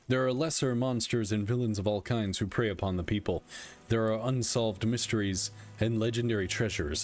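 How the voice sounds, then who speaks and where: Man reading as tired god-king, dry and candid, measured, low voice, faint game music. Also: a little mellow, close to an everyday voice. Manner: reads text aloud in a plain measured voice.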